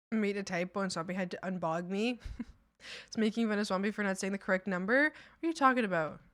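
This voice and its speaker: A woman streamer chatting casually with her viewers while she works, muttering to herself and bursting into loud laughing exclamations. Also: medium pitch. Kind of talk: casual livestream chat while working.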